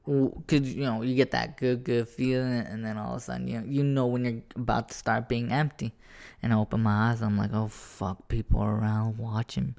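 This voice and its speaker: A man casually telling a rambling, profane story about his own life, animated and full of restarts. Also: mid-range voice, vocal fry.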